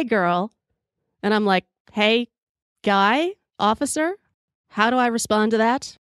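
Podcast host, woman, higher register, wry and profane storyteller, dry close recording. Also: no echo. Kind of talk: storytelling monologue while drinking whiskey.

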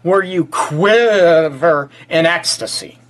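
A man's voice: fairly high pitch, takes it slowly, a bit bright. A man from the Detroit area hosting a casual relationship talk show, interjecting and joking as a counselor. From Detroit area, USA. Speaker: host and counselor.

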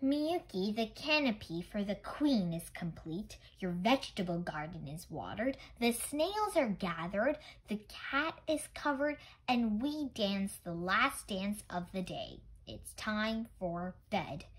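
A woman voicing a patient, weary old grandfather who gently coaxes a child to bed. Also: mid-range voice, big pitch swings, slow pace, hardly any pauses, rough recording. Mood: coaxing. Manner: coaxing, repeating gently.

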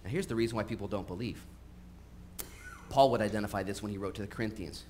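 A pastor giving a sermon at a church service, moving from casual, joking asides to earnest points. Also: male voice, fairly low pitch, fast talker, a little mellow. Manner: conversational and humorous, shifting into earnest emphasis. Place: church service, recorded live. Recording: faint background noise from a live stream.

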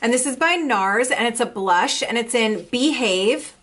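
Young female beauty vlogger, bright and excitable, with a high voice that jumps around a lot. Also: a little slow. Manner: gushing, excitable. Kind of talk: casual unboxing chat.

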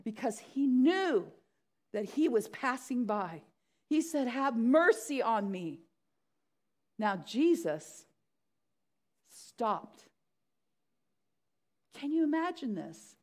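Woman preaching, lively, high-pitched voice. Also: slow pace, pauses often. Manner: animated, acts out the story's voices. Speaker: pastor. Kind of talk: sermon.

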